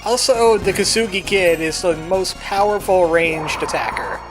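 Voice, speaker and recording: High-pitched guy rambling jokily over a game, faint music behind. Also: measured pace. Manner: chatty, jokey, puts on a cowboy voice. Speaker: let's play host. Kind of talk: casual gameplay commentary.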